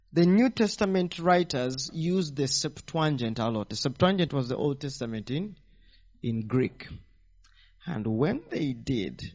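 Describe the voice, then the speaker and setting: A man preaching a teaching sermon, animated and firing rhetorical questions at the congregation. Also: mid-range voice. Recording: dull lo-fi sound.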